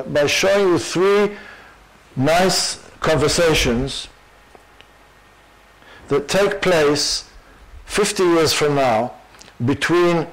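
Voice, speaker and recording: An older man giving a university lecture, animated and full of fillers. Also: fairly high pitch, poor audio. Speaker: guest lecturer.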